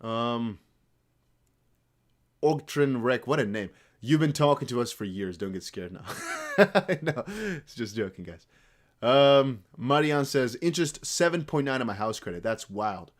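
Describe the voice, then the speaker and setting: Crypto streamer, male, from the Netherlands, near-American accent, lively swinging delivery, loose off-the-cuff chatter. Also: medium pitch, a little slow. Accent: American-sounding English with slight Dutch traces. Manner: rambling, animated, talks to chat. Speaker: crypto livestream host. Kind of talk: casual livestream chat.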